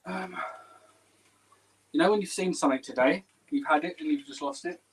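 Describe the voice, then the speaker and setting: A man's voice: sits high, very animated, moderate pace, husky, rough recording. A man, a little out of breath, joking and teasing himself as a guest on a casual livestream. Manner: joking, self-mocking banter.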